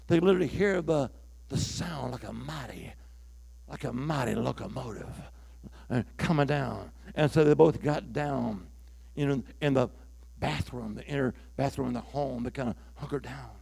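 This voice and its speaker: A man in his sixties, a traveling evangelist preaching a revival sermon, who swings from hushed storytelling to shouted call-and-response and leads the crowd in chants. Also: medium pitch, normal speed, creaky, husky, no echo.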